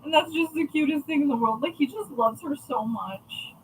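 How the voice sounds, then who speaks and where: A woman's voice: high-pitched, moderate pace, a little hiss or hum, low-quality recording. A young adult woman chatting casually to viewers, blunt and chatty with frequent swearing. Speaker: crafting channel host.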